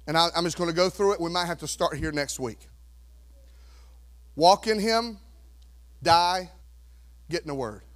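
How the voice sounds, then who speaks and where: A preaching pastor with an unusually high male voice. He stays emphatic throughout, pressing the congregation with rhetorical questions. He drops to near whispers and then rises to shouts. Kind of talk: sermon.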